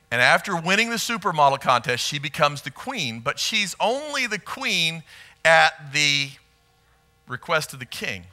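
A man preaching a sermon as pastor, telling a story with lively asides and questions to the congregation. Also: medium pitch. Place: church sanctuary.

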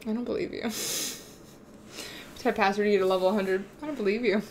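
Quick-paced and medium-pitched, a young gamer streams live, chatting casually with her audience. She gets excited, swears without holding back, and talks back to chat; a faint hiss or hum is audible.

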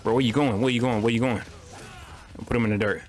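A young adult man, a gaming streamer, talks fast in loose, slangy running commentary while playing a video game. His voice is medium-pitched, steady, and a little mellow, with soft music in the background.

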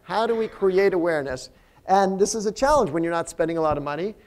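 A man's voice: high-pitched, animated, fast. A man, a company founder, giving a conversational business lecture with slides and putting questions to the audience. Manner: frequent fillers and restarts. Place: university lecture room.

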